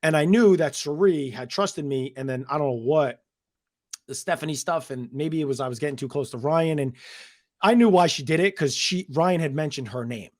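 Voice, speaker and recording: A man's voice: a little high, moderate pace, dry recording, studio quality. Chatty man from New Jersey. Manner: rambling, animated retelling with many "I was like" quotes. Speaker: interview guest. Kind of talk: casual storytelling interview.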